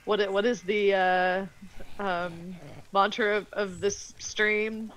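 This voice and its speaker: A woman's voice: mid-range voice, steady tone, slow, a bit bright, smooth, poor audio. Woman on a game stream, teasing, offhand chat with friends. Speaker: co-host friend. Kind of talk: casual chat on a gaming stream.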